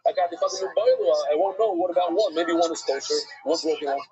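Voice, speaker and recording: A man teaching a Talmud class, animated and digressive, often restarting and acting out the rabbis he quotes. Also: sits high, quick pace, breathy edge. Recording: dull lo-fi recording.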